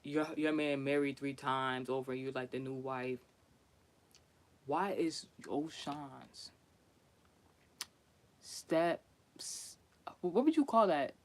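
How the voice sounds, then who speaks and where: A man's voice: medium pitch, slow, long pauses. A man telling a story in a casual vlog, chatty and profane, laughing often and restarting his sentences. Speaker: vlogger.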